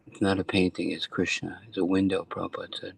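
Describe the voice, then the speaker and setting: A man giving a soft, meditative devotional talk. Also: low voice, completely flat delivery, fast talker, creaky, breathy edge. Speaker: speaker in class.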